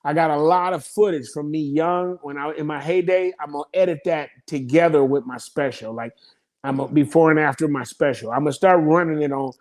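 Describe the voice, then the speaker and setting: So cal comedian guy in his 50s, a bit high voiced, cussing and laughing through his stories. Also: fairly quick, darkish tone. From United States. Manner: profane, laughing, rambling comic asides. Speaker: comedian guest. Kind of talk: casual interview storytelling.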